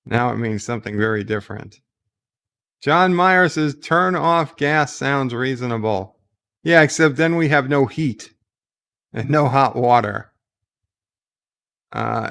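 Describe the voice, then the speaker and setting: A man hosts a casual livestream from home, slowly reading viewer comments aloud and riffing on them. His voice has a gravelly rasp at the bottom, yet it stays smooth and resonant. He takes his time and lets his jokes ramble. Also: mid-range voice, a bit bright. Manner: reads viewer chat aloud and answers in a rambling, joking way. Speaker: livestream host.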